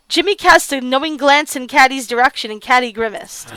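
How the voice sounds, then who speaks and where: A woman's voice: high voice, a little fast, sharp tone, clear, resonant tone, no room sound. A woman streamer reading a visual novel aloud and reacting with gasps and laughs. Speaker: let's play streamer.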